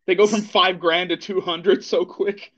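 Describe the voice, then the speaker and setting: A man's voice: high voice, fairly even intonation, a little slow, a bit bright. A man in casual chat as co-host, reacting in short remarks and laughing along. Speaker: podcast co-host. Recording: dull lo-fi sound.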